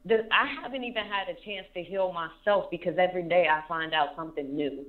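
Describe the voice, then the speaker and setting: Woman around thirty opening up in an interview, kinda low voice, earnest, says things twice, muffled lo-fi sound. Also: brisk. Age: about 30. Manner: earnest, repeats her points for emphasis. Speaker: interview guest. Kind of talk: candid emotional interview talk.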